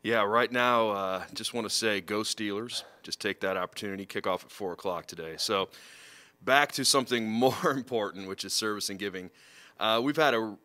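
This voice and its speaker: A man giving an upbeat school announcement in an informal manner. His voice is bright and clear, and it sits a little low. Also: moderate pace. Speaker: school staff guest.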